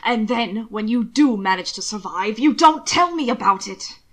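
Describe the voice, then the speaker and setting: A woman voicing an anguished, commanding aristocratic husband in an audiobook reading of fan fiction, speaking low and intense and sometimes dropping to a hiss. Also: expressive, normal speed, fairly bright tone. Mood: furious.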